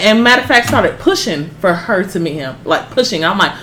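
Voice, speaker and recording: A woman's voice: mid-range voice, big pitch swings, normal speed, hardly any pauses, fairly bright tone, a little hiss or hum. A woman co-hosting a casual group talk, speaking bluntly and cutting in on others. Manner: blunt, talks over others. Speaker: podcast co-host.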